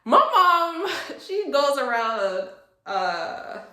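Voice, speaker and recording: A woman in her late twenties tells a story on her vlog in an animated, expressive way. She talks slowly, and her fairly high voice swings widely in pitch. The sound has a roomy echo. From Haitian family. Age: late 20s. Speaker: vlogger.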